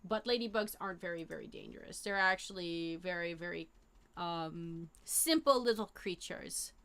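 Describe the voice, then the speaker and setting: A young woman streaming live, chatting casually with her viewers in a rambling, animated way full of fillers and slang. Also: on the low side, moderate pace, clear, resonant tone. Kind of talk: casual chat to a live chat audience.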